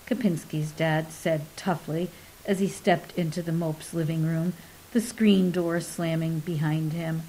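A woman narrating a novel in a measured, deliberate reading. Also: low-pitched, fairly even intonation, mellow, rough recording. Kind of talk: audiobook narration.

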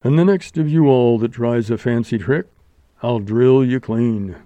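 A man voicing a menacing masked bandit in a deep, heavy voice, giving curt orders. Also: measured pace, mellow, no echo, close to an everyday voice. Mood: commanding. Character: gruff masked male bandit, cool and menacing.

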